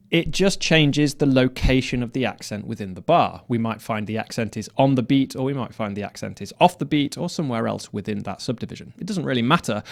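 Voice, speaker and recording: A man's voice: medium pitch, gravelly. A man teaching snare drum technique, explaining step by step and counting strokes aloud. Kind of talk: instructional explanation.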